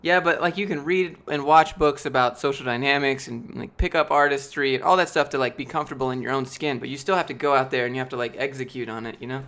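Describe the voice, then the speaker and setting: A man's voice: mid-range voice, fast talker, few pauses, fairly bright tone. A young man chatting casually on a live stream, answering chat with rambling, jokey, profane talk.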